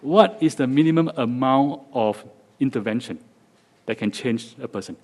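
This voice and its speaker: A man's voice: medium pitch, moderate pace, darkish tone. A man with a Singaporean accent giving a joking, chatty talk to a live audience in a lecture hall, with many restarts. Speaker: guest speaker.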